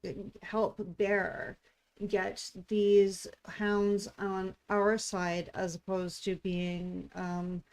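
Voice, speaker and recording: Woman player, hesitant, halting, mid-pitched, casual. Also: completely flat delivery, darkish tone. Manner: hesitant, filler-laden. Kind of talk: tabletop role-play chat.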